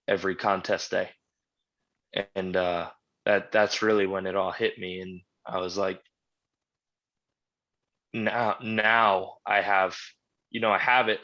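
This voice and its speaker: A man with a low, bright, forceful voice tells his story bluntly and swears freely as a podcast guest. The audio is dull and lo-fi. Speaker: podcast guest, strongman champion. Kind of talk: casual interview chat.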